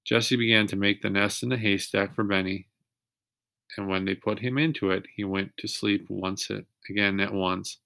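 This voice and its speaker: A man reading a children's chapter book aloud in a steady voice, pausing now and then to ask young listeners questions. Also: fairly low pitch, gravelly, no echo, studio quality. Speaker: reader.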